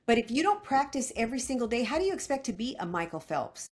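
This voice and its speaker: A woman's voice: fairly high pitch, fast talker. A middle-aged woman who hosts a podcast and trains mortgage teams, speaking in an emphatic way. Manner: emphatic, animated. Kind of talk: casual podcast chat.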